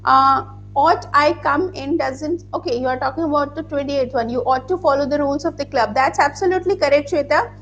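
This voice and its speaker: A woman's voice: sits high, a little fast, fairly bright tone, lo-fi sound, a little hiss or hum. A woman teaching grammar in an online class. She explains patiently and spells words out letter by letter. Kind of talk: online class, reading out student answers.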